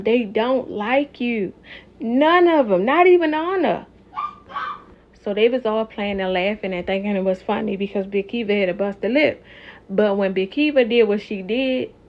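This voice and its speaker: A woman casually recapping a reality show, animated and opinionated, talking straight to her viewers. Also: a little high, lo-fi sound.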